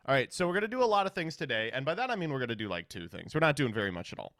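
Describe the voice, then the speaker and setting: A man streaming and casually chatting, answering viewer questions in a sardonic, profane, animated way. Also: mid-range voice, rapid-fire, dry recording, clean studio sound.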